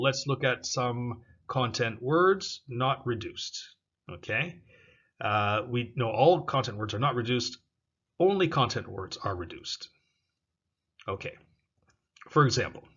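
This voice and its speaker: A man giving a recorded English pronunciation lesson over slides, slowly repeating example phrases for students to practice. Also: medium pitch, fairly bright tone, slightly rough, dull audio. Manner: slow drilling repetition of example phrases. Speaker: English teacher.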